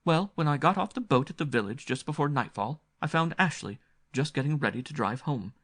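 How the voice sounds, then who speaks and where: A man's voice: a little high, animated, brisk, fairly bright tone, pitched above the performer's own voice. A man doing a frightened refined young woman. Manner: stammering, breathless.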